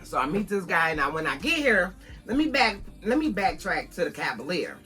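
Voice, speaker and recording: A woman's voice: fairly low pitch, big pitch swings, normal speed, sharp tone, soft background music. A woman from Buffalo, New York, vlogging a casual storytime to her viewers, talking conversationally and calling her listeners "girl".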